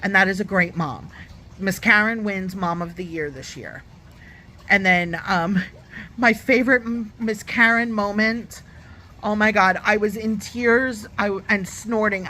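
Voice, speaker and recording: A woman's voice: medium pitch, a little slow, sharp tone, slight background noise. A woman giving a chatty, opinionated review of a reality show in her own vlog, sometimes acting out lines in other voices. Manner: chatty and opinionated, acts out quotes. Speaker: YouTube reviewer.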